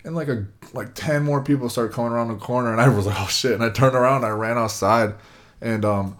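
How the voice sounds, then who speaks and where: A man's voice: medium pitch, steady tone, fast, fairly bright tone. A man, around his twenties, telling a long casual story, rambling with lots of fillers. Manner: rambling, lots of "like" and "you know".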